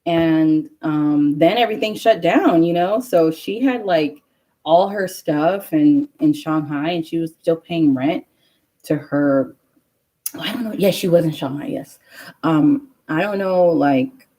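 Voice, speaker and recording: A woman's voice: low-pitched, a little slow, dark tone, rough recording. A young woman telling a rambling story in a casual vlog, with lots of fillers. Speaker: vlogger. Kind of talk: casual chat.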